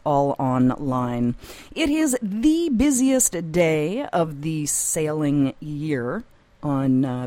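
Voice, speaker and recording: A woman's voice: low voice, darkish tone, dry recording. A woman hosting a community radio show, playful and theatrical, drawing out her words in a studio. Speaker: radio host.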